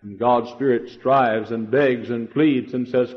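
A man preaching a sermon in an emphatic, repetitive way, swinging between quiet passages and shouting. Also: mid-range voice, steady tone, measured pace. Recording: dull lo-fi recording in a reverberant hall.

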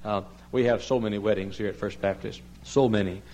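Impassioned older preacher, pleading then shouting. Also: male voice, lowish voice, steady tone, brisk. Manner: impassioned preaching that swings from soft pleading to loud cries. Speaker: pastor. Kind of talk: sermon. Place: large church sanctuary.

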